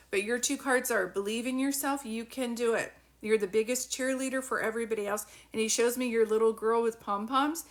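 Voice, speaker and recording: A woman's voice: a little high, a bit bright. A middle-aged woman giving a live-stream psychic reading, talking in a chatty, encouraging way with many fillers and restarts. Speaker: psychic medium.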